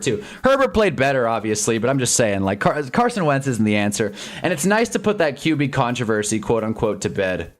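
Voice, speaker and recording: A man streaming live sports commentary who swings between loud yelps and low mutters and chats with his viewers' comments. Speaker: streamer hosting a live game watch-along.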